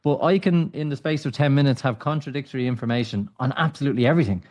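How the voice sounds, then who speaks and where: A man's voice: medium pitch, racing, a little mellow. Male podcast host asking questions. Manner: laughs along, teasing. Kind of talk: interview questions.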